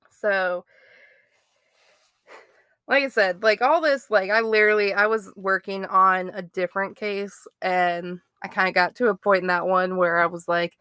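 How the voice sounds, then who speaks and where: Woman, true-crime podcast host, casual chat, dry close sound, even middle pitch. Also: measured pace, clear, resonant tone, no echo. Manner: chatty and conversational, reacting with disbelief.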